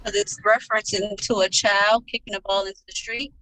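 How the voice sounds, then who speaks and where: A woman's voice: mid-range voice, flat delivery, moderate pace, sharp tone, rough recording. A woman student answering her instructor's question in a tentative, questioning way.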